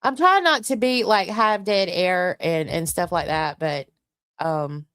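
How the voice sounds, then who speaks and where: A woman's voice: on the low side, measured pace, fairly bright tone, clear, resonant tone, no echo. A woman in her forties hosting a casual livestream from her home computer desk, rambling and swearing as she vents her frustration. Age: 40s. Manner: rambling, profane, frustrated and venting. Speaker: livestream host.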